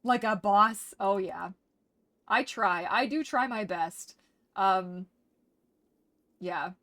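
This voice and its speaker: A woman's voice: medium pitch, takes it slowly, fairly bright tone, dry recording. A woman chatting casually while streaming a game, slipping into doting baby talk to her dog. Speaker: gaming streamer. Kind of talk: casual gameplay chat.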